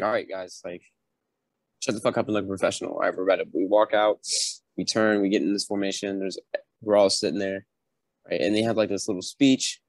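A man's voice: sits low, no room sound. A young man, a podcast guest, casually telling a story and acting out what people said. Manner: animated, acts out quotes. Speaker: podcast guest, former recruit.

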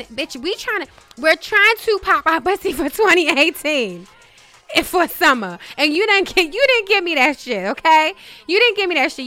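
A woman's voice: sits high, sharp tone. A young woman, ranting brashly about celebrities with heavy swearing and sass. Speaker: commentator. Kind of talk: profane celebrity gossip rant.

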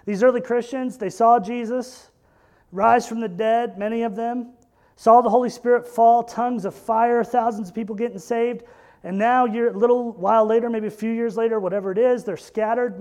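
A man preaching a sermon, earnest and emphatic, repeating key phrases and building to loud peaks. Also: sits high. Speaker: pastor.

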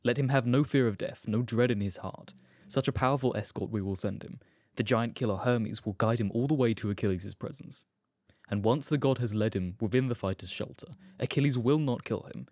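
A man's voice: medium pitch, a little fast, a little mellow, no echo, clean studio sound, close to an everyday voice. A man voicing the commanding king of the gods, issuing orders in a dramatic audiobook reading. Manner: commanding, declamatory.

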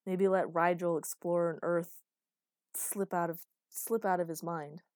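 A man's voice: high-pitched, level tone, a little slow, a little mellow, no room sound. Woman voicing tense male official, irritated, exasperated, audiobook, dry close sound. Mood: agitated. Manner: agitated, exasperated.

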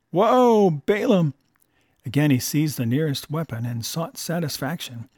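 A man narrating an old-fashioned story in a measured, expressive way. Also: medium pitch, breathy edge, dry recording, studio quality.

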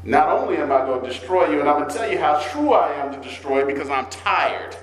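A man's voice: animated, slight background noise. Preaching man in an echoey church. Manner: preaching with dramatic swings, quoting scripture in a slow low voice. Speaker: pastor. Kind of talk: sermon.

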